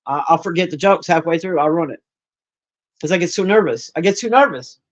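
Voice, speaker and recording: A loud, brash woman in her fifties chatting casually on a live stream from her room, teasing and roasting her viewers. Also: fairly low pitch, lively intonation, a little fast, highs cut off. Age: 50s. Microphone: own desk mic.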